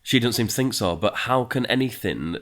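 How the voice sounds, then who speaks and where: A man co-hosting a casual podcast, talking in halting restarts. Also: mid-range voice, animated, fairly bright tone. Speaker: podcast co-host. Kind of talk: casual chat.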